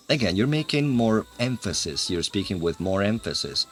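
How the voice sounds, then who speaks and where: A man giving a casual video language lesson, explaining in a lively, playful way. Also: fairly low pitch, normal speed, few pauses, faint music behind. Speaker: language teacher.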